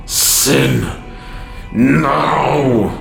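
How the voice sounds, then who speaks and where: A man voicing a possessed, murderous man bound to a demon, speaking with slow, gloating menace. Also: medium pitch, gravelly, faint music behind, pitched above the performer's own voice, heavily acted. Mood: strained. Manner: slow, gloating menace with raised, strained outbursts.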